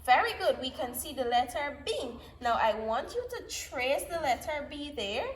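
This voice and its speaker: Slow, patient woman teacher, high voice. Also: slight background noise. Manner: patient, praising, repeats key words. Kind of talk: slow, deliberate classroom instruction to small children. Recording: echoey room.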